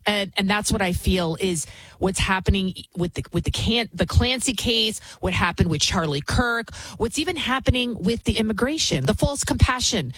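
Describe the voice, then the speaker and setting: A woman host delivers a heated, emphatic rant with plenty of repetition. Her voice is husky and dry, with no room sound. She talks like a commentator stopping to cue up clips. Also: mid-range voice, lively intonation, normal speed, fairly bright tone, dry recording, low-quality recording. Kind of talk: opinionated commentary.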